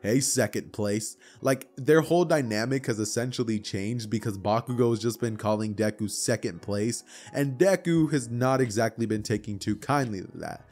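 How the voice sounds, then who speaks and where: A man's voice: mid-range voice, darkish tone, faint music behind. Chatty male fan-story narrator. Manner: chatty, quick asides. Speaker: YouTube storyteller.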